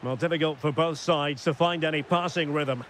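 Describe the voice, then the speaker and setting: Male play-by-play caller for a football game: high, bright voice, clipped calls that rise when chances come. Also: normal speed, slight background noise. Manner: terse calls that swell into excited shouts on goals. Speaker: play-by-play commentator. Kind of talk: football video game commentary.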